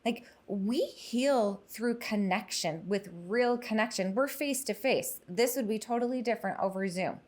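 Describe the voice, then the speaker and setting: A woman's voice: medium pitch, darkish tone. A woman podcast guest talking about youth mental health in an earnest, emphatic way, in casual conversation. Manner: earnest, emphatic, quick to explain.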